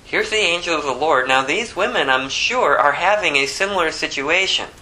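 A man preaching a sermon, explaining scripture verse by verse. He swings between loud, emphatic high peaks and low, quiet asides. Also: normal speed, rough recording. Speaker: pastor.

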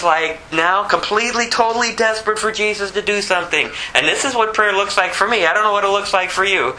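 A man preaching an expository sermon, shifting between low scripture reading and high, pleading acted prayers, with a conversational delivery full of asides. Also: a little fast, hardly any pauses, bright, forceful tone, poor audio.

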